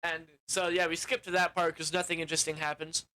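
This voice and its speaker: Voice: medium pitch, flat delivery, a little fast, sharp tone, poor audio. A film reviewer giving a casual, rambling plot recap, often correcting themselves and swearing offhandedly.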